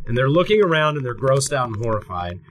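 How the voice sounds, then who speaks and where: A man's voice: mid-range voice, big pitch swings, quick pace, a little hiss or hum, rough recording. A man co-hosting a podcast, telling a long story in a casual, rambling, profane way and acting out what people said. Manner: rambling, profane, acts out quotes. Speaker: podcast co-host.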